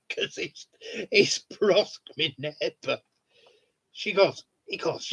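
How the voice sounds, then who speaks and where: A man's voice: on the high side, takes it slowly, fairly bright tone, husky, highs cut off. Blunt, sweary man chatting on his own. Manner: blunt, swears freely, chuckles often. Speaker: vlogger. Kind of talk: casual chat monologue.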